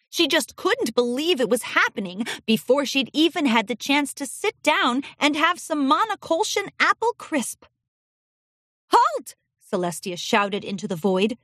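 A woman narrating a children's storybook with an expressive, animated reading. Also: high-pitched, no room sound, studio quality.

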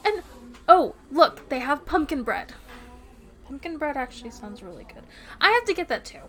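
A woman's voice: high-pitched, sing-song, moderate pace, a bit bright. A woman playing a playful, teasing young girlfriend in a romantic audio role-play, giggling often.

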